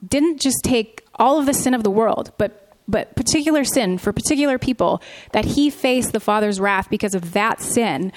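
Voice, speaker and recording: A woman co-hosting a Christian talk show, earnestly sharing her own story with frequent pauses and restarts. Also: medium pitch. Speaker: podcast co-host. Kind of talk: candid Christian testimony.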